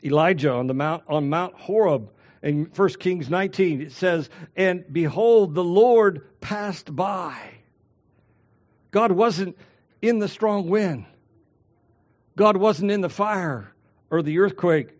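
Slow, high-voiced preacher, dramatic hushes. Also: male voice, dull audio. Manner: dramatic swings from loud to hushed. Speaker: pastor. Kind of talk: sermon.

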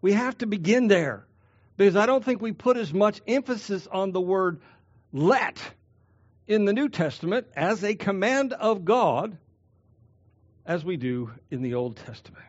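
A man preaching a sermon as pastor, slowing down to stress key words. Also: high voice, lively intonation, highs cut off.

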